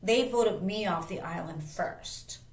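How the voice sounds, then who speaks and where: Slow and lowish in voice, this channel host shares a personal story casually. She rambles with emphasis, frequently starting over and repeating things, and the audio carries a roomy echo.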